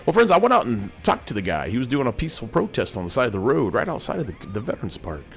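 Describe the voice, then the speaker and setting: A man's voice: mid-range voice, big pitch swings, fast talker, gravelly, a bit bright, soft background music. A middle-aged man, hosting a rambling, folksy monologue from his home studio as a sergeant major persona. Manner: folksy, keeps calling the audience "friends".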